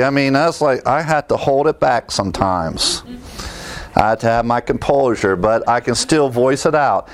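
A man's voice: mid-range voice, moderate pace. A male pastor preaching a sermon, shifting from explanatory teaching to emphatic, rising exhortations and quizzing the congregation with fill-in questions.

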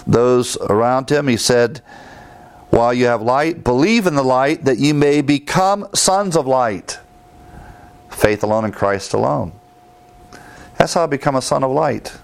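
A man's voice: medium pitch, gravelly, clean tone. A man teaching a sermon, emphatic, repeating key phrases and citing scripture verses. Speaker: preacher.

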